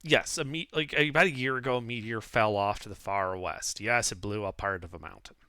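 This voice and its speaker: A man's voice: fairly low pitch, fairly even intonation, brisk, sharp tone, smooth, dry recording. A man voicing a bored human tax collector who answers curtly and dismissively.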